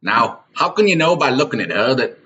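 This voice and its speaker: A man putting on a hammy mock-British voice as the gruff manager of a turkey-leg stand. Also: medium pitch, very animated, a little fast, pushed and bright, muffled recording, voice pushed up. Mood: bossy.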